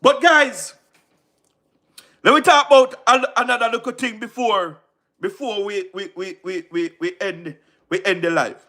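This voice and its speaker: Speaking a little slowly in a high-sitting, bright, forceful voice, a Jamaican-accented man offers impassioned political commentary on a livestream. Repetition and emphasis drive his delivery, along with many rhetorical questions and laughs between points.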